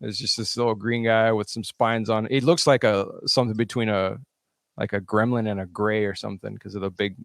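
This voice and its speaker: A low-pitched man with a gravelly, resonant voice co-hosts a podcast. He talks haltingly, restarting sentences and dropping in short agreements. The sound is dry and close. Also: fairly even intonation, no echo. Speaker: podcast co-host. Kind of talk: casual podcast chat.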